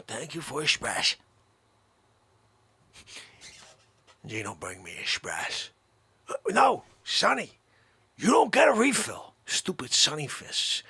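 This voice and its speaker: A shrill, manic older man barks demands and rambles on, as a man puts him on, his voice leaping all over the place. He is a bossy comic loudmouth with a slow, dragging delivery and a high, strained pitch. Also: creaky, slightly rough, no echo, exaggerated voice. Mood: demanding.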